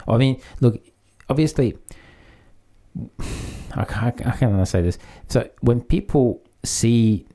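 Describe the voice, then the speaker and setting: A man's voice: mid-range voice, expressive, takes it slowly, mellow. A man co-hosting a casual chat, talking in a loose, rambling way. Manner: loose and chatty, lots of fillers and "mate". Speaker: podcast co-host.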